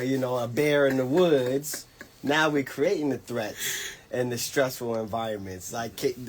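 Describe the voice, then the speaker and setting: A man's voice: medium pitch, slight background noise. A man hosting a radio show, chatting casually and agreeing emphatically with his guest. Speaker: radio host.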